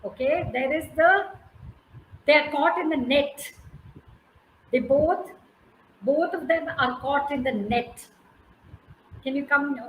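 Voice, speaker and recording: A woman with a high voice and an Indian English accent speaks slowly, with long pauses, while telling a story to a class and coaxing answers, praising listeners by name. The rough recording has an echoey room sound and slight background noise.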